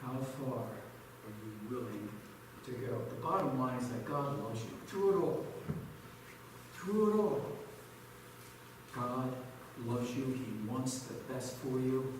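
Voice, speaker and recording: Pastor preaching in an echoey church. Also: male voice, mid-range voice, measured pace, slight background noise. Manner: storytelling, rising to emphatic pleas. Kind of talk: sermon. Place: church sanctuary. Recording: echoey church hall from far off.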